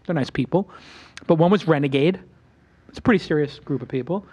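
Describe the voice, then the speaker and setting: A man with a husky, somewhat high voice speaks briskly. He's a podcast host on a casual roundtable talk show, boastfully and animatedly telling stories and acting out what other people said.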